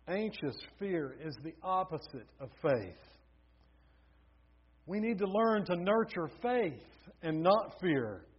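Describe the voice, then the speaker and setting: A man's voice: high-pitched, sing-song, takes it slowly, husky. A man preaching a sermon, telling stories with building emphasis. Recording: dull lo-fi recording.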